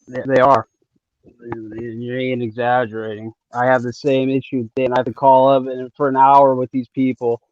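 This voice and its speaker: Man, casual streamer chat, loose and sarcastic, mid pitch, dull dry lo-fi mic. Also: level tone, normal speed, darkish tone, slight background noise. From Eastern Washington. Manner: easygoing, trailing off and restarting, sarcastic asides.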